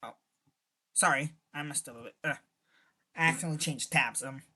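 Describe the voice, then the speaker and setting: Woman let's-player, casual and chatty, husky voice. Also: deep voice, fairly quick, long pauses, pushed and bright. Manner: chatty, self-correcting asides. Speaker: let's-play narrator. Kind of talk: casual gameplay commentary.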